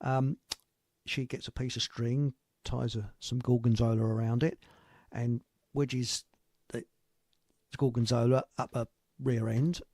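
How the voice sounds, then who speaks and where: A man's voice: medium pitch, no echo, studio quality. An older man hosting a live talk show, telling rambling jokes and stories and chuckling at his own punchlines. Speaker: host. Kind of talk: casual chat on a live internet talk show.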